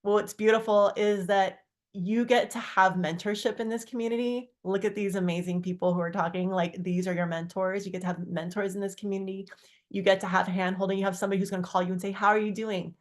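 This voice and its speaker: Earnest woman, mid-pitch, rambling testimony over a video call, jumps up in pitch for quoted lines. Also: fairly even intonation, quick pace. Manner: earnest, rambling with many restarts and fillers; acts out quoted dialogue with big pitch jumps. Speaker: guest speaker on a community call.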